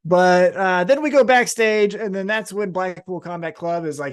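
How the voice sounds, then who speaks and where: A man co-hosting a podcast, recapping wrestling in casual, profane, animated storytelling. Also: sits high, moderate pace, hardly any pauses, clear, resonant tone. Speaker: podcast co-host.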